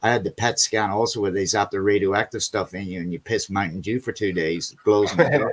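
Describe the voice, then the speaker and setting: A man's voice: on the low side, fairly quick. Rambling, cussing male chat host. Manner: rambling storyteller, swears freely, calls people buddy and man. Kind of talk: casual chat.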